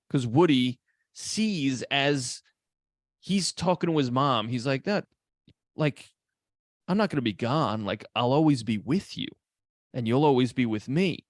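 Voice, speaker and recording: A man co-hosting a casual movie podcast, animated and profane, acting out characters' lines as he talks. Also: medium pitch, measured pace, no echo, clean studio sound. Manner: animated, swears a lot, acts out characters' lines. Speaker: podcast co-host.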